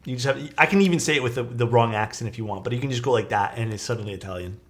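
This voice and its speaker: A man's voice: medium pitch, rapid-fire. A young man chatting casually with his live-stream chat while building a keyboard, laid-back and self-deprecating, reading messages aloud.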